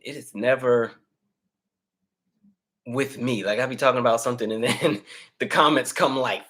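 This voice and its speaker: Male host doing laid-back live chat with viewers, slightly winded, easygoing delivery. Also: mid-range voice. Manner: relaxed, chatty, reads viewer names aloud. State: out of breath. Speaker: livestream host. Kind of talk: casual livestream chat.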